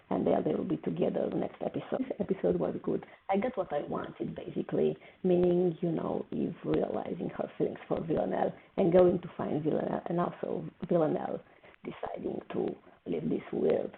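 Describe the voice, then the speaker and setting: This woman's gravelly voice is fairly low in pitch as she hosts a casual TV reaction video. She gets emotional and repeats herself when upset, heard through a tinny, phone-like recording with faint background noise.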